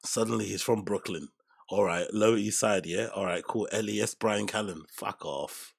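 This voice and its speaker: A man with a low, gravelly voice gives loose reaction commentary. His tone is husky and rough at the edges. He swears freely and trails off mid-thought. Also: moderate pace. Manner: rambling, profane, stops and restarts often. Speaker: reaction channel host.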